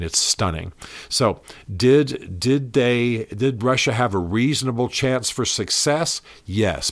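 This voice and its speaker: A man's voice: lowish voice, no echo. A man hosting a podcast, explaining ideas earnestly and emphatically, repeating key points and restarting phrases. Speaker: podcast host. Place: Washington, D.C.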